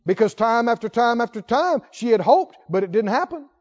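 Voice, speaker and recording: A man with a strikingly high voice delivers a sermon from the pulpit. He presses his listeners with rhetorical questions and hammers points home through repetition. His voice carries a long church reverb on a dull, muffled recording. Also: big pitch swings, a little fast, darkish tone. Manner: asks the congregation rhetorical questions, emphatic repetition. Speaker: preacher. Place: church sanctuary.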